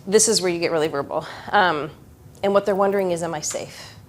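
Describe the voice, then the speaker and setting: A middle-aged woman giving a live workshop presentation to educators, talking in an animated way. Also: fairly low pitch, fast, slight background noise. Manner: animated, acts out children's voices.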